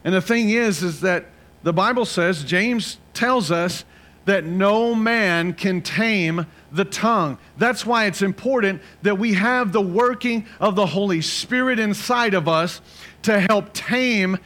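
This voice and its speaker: Middle-aged male pastor, conversational sermon delivery, slightly raised pitch. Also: a bit bright. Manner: conversational storytelling preacher, asks amen.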